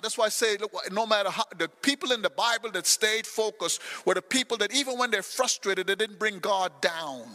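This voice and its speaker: A male pastor preaching a sermon with passion, swinging between loud shouted cries and quiet low asides. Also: moderate pace, big-room sound. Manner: impassioned preaching, shouts scripture lines. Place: church sanctuary.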